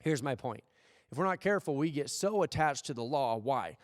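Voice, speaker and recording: A man's voice: mid-range voice, expressive, brisk. American male pastor, conversational sermon, rhetorical questions, dry close voice, long hall reverb. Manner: conversational preaching with rhetorical questions and playful acted asides. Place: church service.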